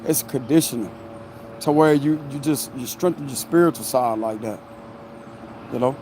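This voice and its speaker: A man's voice: medium pitch, moderate pace, mellow, slight background noise. Rambling man streaming live outdoors. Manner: loose, rambling, laughs often, says "you know what I'm saying". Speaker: tarot reader streaming live. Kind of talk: casual live-stream chat. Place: outdoors near a tree and traffic.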